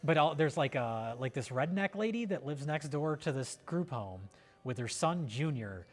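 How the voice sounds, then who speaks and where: A man's voice: fairly high pitch, lively intonation, moderate pace, noisy background. A man hosting a casual film review podcast, rambling and enthusiastic with many fillers. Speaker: podcast host.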